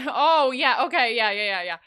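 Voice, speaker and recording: A woman in her thirties from Poland chats on her livestream in a loose, rambling way. She swears freely and laughs often. Her voice is bright and sits a little high. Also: expressive, moderate pace, clean tone. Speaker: streamer. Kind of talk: casual livestream chat.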